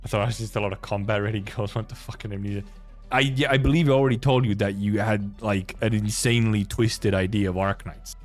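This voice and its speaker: A man's voice: on the low side, fairly even intonation, fast, faint music behind. A man streaming, chatting offhandedly with viewers and joking and swearing between lines of a game story. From Finland. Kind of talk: casual reading and chat with viewers.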